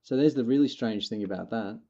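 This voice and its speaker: While playing a game on a live stream, this Australian, his accent partly Americanized, talks loosely and thinks out loud, with occasional swearing. He speaks a little fast in a lowish, dark-toned voice, and the recording sounds lo-fi.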